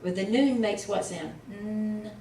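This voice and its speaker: A woman's voice: medium pitch, unhurried, dark tone, roomy sound, far from the mic, a little hiss or hum, rough recording. Patient woman tutor sounding out syllables. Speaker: Hebrew reading tutor. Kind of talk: casual one-on-one lesson.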